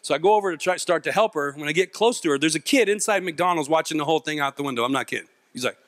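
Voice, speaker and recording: A man giving a comic storytelling speech to a live audience as a youth mentor, animated and self-mocking, acting out the voices in his story. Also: on the high side, very fast, no room sound, studio quality. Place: event stage before a live audience.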